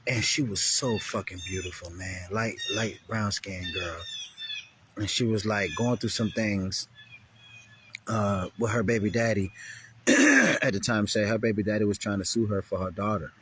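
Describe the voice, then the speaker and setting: A man's voice: fairly low pitch, animated, measured pace, fairly bright tone, a little hiss or hum. A man vlogger telling a rambling, profane story in casual speech heavy with slang.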